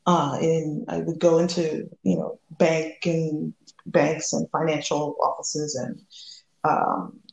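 A woman from the United States, a guest telling a personal story in a lively way, acting out the quoted lines. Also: sits low, takes it slowly, vocal fry, reverberant, poor audio. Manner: lively, acts out quoted dialogue.

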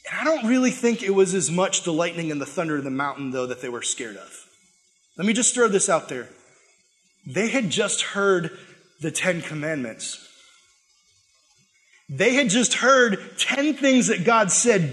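A man with a notably high voice preaches to his congregation, shifting into little acted voices for the prayers and grumbles he quotes. His delivery is animated and emphatic but stays conversational, like a pastor talking straight to his church. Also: measured pace, long pauses, in a large hall. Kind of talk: sermon.

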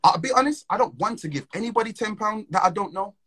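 A man's voice: sits high, animated, quick pace, fairly bright tone, slightly rough, rough recording. A young man, telling a story in casual, slang-filled chat and laughing between phrases. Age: young adult.

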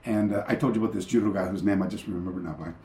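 A man's voice: deep voice, very fast, warm tone, echoey room. A man, a karate master and podcast guest, telling anecdotes in a rambling way, often stopping and restarting. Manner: rambling, self-interrupting, many fillers and restarts. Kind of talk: anecdotal storytelling in a remote interview. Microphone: video call.

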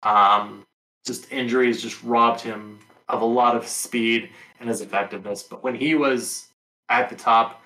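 A man hosting a sports podcast, talking in a relaxed, rambling way with lots of ums. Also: medium pitch, unhurried, echoey room, poor audio. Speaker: podcast host. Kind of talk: casual sports talk.

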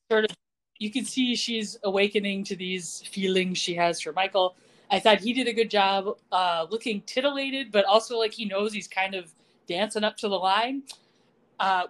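Woman, podcast co-host, giggly, animated recap, casual chat. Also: medium pitch. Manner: giggly, animated retelling with quoted voices. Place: remote recording, not with co-host.

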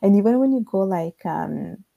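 A woman's voice: mid-range voice, animated, normal speed, creaky, no room sound, dull audio. A woman with an Italian accent, a podcast guest telling her own story thoughtfully, in long searching runs full of fillers. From Italy. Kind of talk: reflective personal storytelling.

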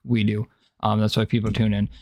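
A man's voice: on the low side, monotone, fairly quick, vocal fry, a little mellow, no echo. Profane joking man, dry sound. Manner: profane, joking, laughs often. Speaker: co-host. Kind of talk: casual podcast chat.

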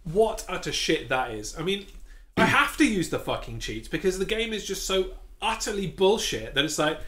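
A man's voice: a little high, lively intonation, normal speed, a bit bright. A man, co-hosting a podcast in casual, sweary, exasperated chat. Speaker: podcast co-host.

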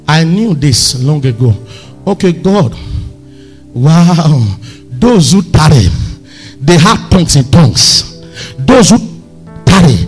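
Man, preacher, sermon, husky voice, higher pitched, faint music underneath. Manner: animated, storytelling, bursts into shouts. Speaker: pastor.

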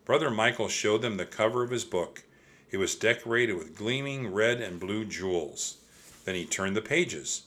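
A man with a lowish voice narrates a children's chapter book aloud at a moderate pace, telling the story expressively.

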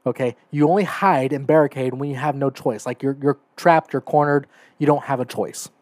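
A man's voice: medium pitch, moderate pace, a little mellow, dry recording. A man hosting a solo podcast, talking emphatically and often checking in with "right?" and "okay?", and growing heated. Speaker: podcast host. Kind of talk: opinionated solo podcast commentary.

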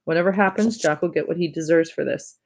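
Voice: mid-range voice, fast, vocal fry. A reader voicing a stern, protective father who speaks bluntly and matter-of-factly.

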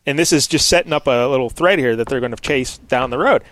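A man's voice: mid-range voice, quick pace, fairly bright tone, dry recording. Chatty man with a dry close sound. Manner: chatty, joking, asks co-hosts questions. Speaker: podcast host. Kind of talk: casual chat recapping a comic.

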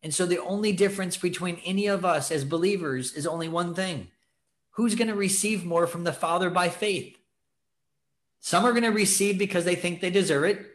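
A man preaching earnestly on a faith podcast, urging his listeners on. His voice sits a little high for a man. He now and then acts out what people in the story think. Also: normal speed. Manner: earnest, exhorting, acts out quoted thoughts. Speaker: podcast host teaching on scripture. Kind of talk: preaching talk, casual.

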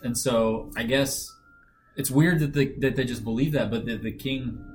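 A man's voice: mid-range voice, moderate pace, a little hiss or hum. A man co-hosting a casual Bible chat, earnest and reflective, with dry asides.

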